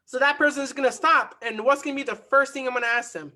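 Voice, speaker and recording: A man teaching a motivational online coaching lesson on marketing and mindset, energetic and repeating key phrases for emphasis. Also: very high voice, normal speed, pauses often.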